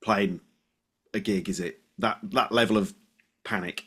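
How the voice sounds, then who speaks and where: A man's voice: fairly low pitch, fairly even intonation, measured pace, fairly bright tone, breathy edge. A middle-aged man hosting a podcast, reacting with enthusiasm and stumbling over his words in casual chat. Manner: enthusiastic, apologetic, stumbling restarts. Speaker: podcast host.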